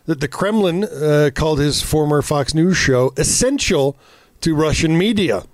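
A man's voice: a little high, lively intonation, measured pace, no room sound, clean studio sound. A man co-hosting a casual comedy podcast, sarcastic and joking, with rambling asides. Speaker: podcast co-host.

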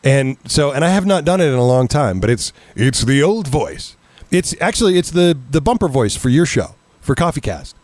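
A man's voice: on the high side, sing-song, moderate pace, darkish tone, no echo. A middle-aged man chatting casually on a podcast, telling stories with a self-deprecating edge. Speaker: podcast co-host.

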